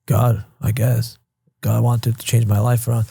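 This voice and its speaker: Casting: guest in his thirties, man from New York, gravelly and husky, dark tone, earnest and emotional. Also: mid-range voice, little pitch movement, a little slow, no room sound, clean studio sound. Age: 30s. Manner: earnest, emotional, repeats himself when moved. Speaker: podcast guest. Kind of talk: casual interview chat.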